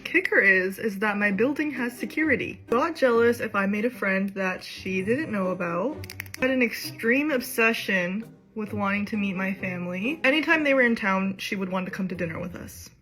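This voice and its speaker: A woman's voice: medium pitch, moderate pace, a bit bright. A woman telling a casual story in a matter-of-fact way, listing complaints.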